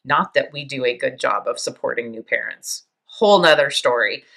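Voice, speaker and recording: A woman's voice: extremely low pitch, expressive, vocal fry. Tearful, reflective woman in her fifties. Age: 50s. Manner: soft, halting, near tears, with small laughs. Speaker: podcast host. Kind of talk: reflective personal monologue.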